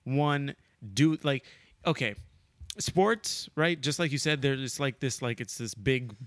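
A man's voice: mid-range voice, dry recording. Rambling young man, dry close sound. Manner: rambling, halting, full of "like" and restarts. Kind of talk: casual chat.

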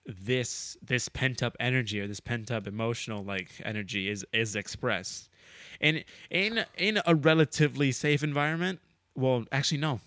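A young man chatting casually as a podcast co-host, rambling and halting, full of filler words and restarts. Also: medium pitch, a bit bright, no room sound. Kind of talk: casual chat.

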